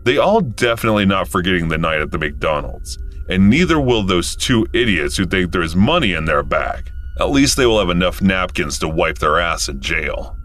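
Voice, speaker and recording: Low-voiced man telling a story. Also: big pitch swings, moderate pace, few pauses, a bit bright, a little hiss or hum. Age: 30s. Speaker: story narrator. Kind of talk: first-person story narration.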